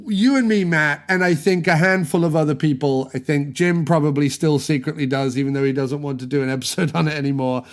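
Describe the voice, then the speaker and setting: A man's voice: on the high side, steady tone, a little fast, few pauses. A man hosting a podcast in a casual chat, playful and jokey, rambling from one tangent to the next while he talks into a podcast mic. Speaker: podcast host.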